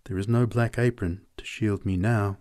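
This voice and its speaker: A man reading short stories aloud in a measured storytelling manner. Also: dry recording, studio quality. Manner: measured storytelling, lively pitch. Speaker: reader. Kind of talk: audiobook narration.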